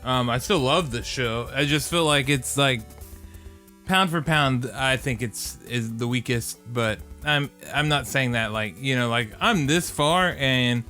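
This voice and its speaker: Male co-host, mid-pitched, casual and rambly, trips over his own sentences, faint music underneath. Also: sharp tone. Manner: rambling, halting with many restarts. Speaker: podcast co-host. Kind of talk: casual anime review chat.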